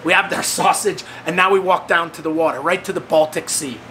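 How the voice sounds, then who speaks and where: A high, bright man's voice, animated and storytelling, acting out the quoted voices with big leaps in pitch. He speaks casually as a host, over a faint hiss of background noise. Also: brisk. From United States. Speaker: host of the fitness training program.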